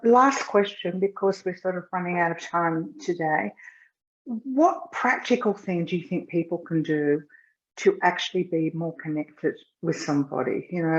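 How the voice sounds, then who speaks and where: Woman hosting a chat, thoughtful, kinda muffled lo-fi sound. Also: on the low side. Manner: thoughtful, conversational, uses "you know" often. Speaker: host. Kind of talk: interview conversation. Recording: dull lo-fi sound.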